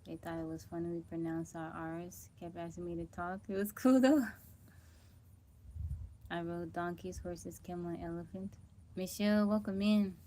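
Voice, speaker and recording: A woman's voice: fairly low pitch, steady tone, moderate pace, dark tone. A middle-aged woman hosting a casual livestream, chatting to viewers by name while sounding tired and weak, on a phone mic at home. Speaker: livestream host.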